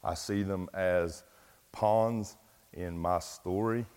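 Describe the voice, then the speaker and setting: Man, pastor, self-deprecating storytelling, fairly low voice, reverberant church. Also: fairly even intonation, slow, a little mellow, smooth. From East Tennessee, US. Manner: folksy, self-deprecating, lots of "like" and "uh" fillers. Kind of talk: storytelling sermon. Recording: long reverb from a large hall.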